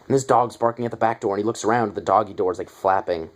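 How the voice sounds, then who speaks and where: Low-voiced man gushing over a movie. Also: quick pace. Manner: excited, rambling, heavy swearing. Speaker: movie reviewer. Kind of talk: casual movie review.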